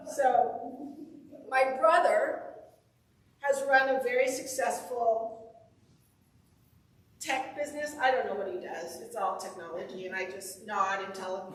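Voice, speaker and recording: High-voiced woman preaching in an echoey hall. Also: normal speed, far from the mic, slight background noise. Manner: storytelling, conversational and upbeat. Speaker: minister. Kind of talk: sermon. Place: church sanctuary.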